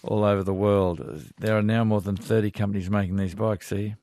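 A man's voice: fairly low pitch, a little fast, no echo, studio quality. Australian man hosting a radio show. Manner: relaxed, chatty, reads listener letters aloud. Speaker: radio host. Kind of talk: casual radio chat. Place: radio studio.

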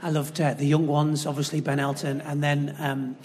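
A man's voice: a little high, completely flat delivery, moderate pace, a little mellow, a little hiss or hum. Enthusiastic man on a reverberant stage. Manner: enthusiastic, hesitant with fillers. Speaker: comedy course organiser. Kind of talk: panel talk on stage. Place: stage in a large hall. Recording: long hall reverb.

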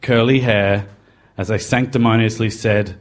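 A man's voice: fairly low pitch, fairly even intonation, a little slow. A man telling a personal story, wry and self-deprecating, in a confessional way. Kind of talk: personal story told to a live podcast.

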